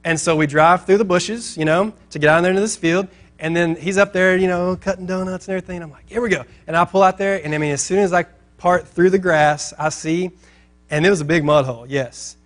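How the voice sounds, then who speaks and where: A male pastor telling a story in a sermon, animated and acting out the people in it. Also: high voice, brisk.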